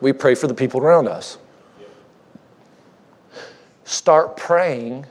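A man's voice: medium pitch, slow, darkish tone. A man preaching a sermon as a guest speaker, conversational and joking with the congregation, married fifteen years.

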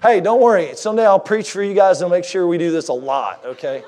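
Guy preaching, kinda high voice, jokes around with the church folks, casual sermon vibe. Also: a little fast, a little mellow. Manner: conversational, joking with the congregation. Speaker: guest preacher.

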